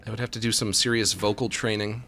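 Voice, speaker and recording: A man's voice: fairly low pitch, fairly even intonation, fast, pushed and bright, faint music behind. A man streaming a co-op game, joking and chatting casually with his partner as he plays. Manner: joking, talks to his co-op partner while playing. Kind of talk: casual let's-play chatter.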